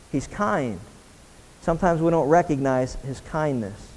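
A man's voice: on the high side, lively intonation, moderate pace, a little mellow, big-room sound, low-quality recording. A man preaching a sermon as a pastor, earnest and rising in intensity on key points. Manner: earnest preaching, rising and pressing when emphatic.

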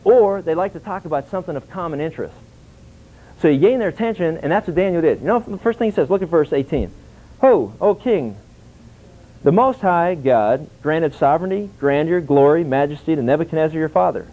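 A man teaching a Bible class in an animated sermon style, acting out dialogue and asking his listeners questions. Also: a little high, brisk. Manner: animated, acts out dialogue, asks the audience questions. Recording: tinny phone-like lo-fi recording.

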